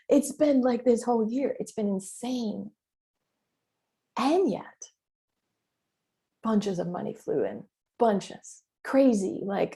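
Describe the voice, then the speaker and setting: Mellow-voiced woman hosting a podcast. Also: on the high side, measured pace. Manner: emphatic, animated, frequent mild swearing; acts out her inner voice in quoted asides. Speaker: podcast host and business mentor. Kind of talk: casual solo podcast talk.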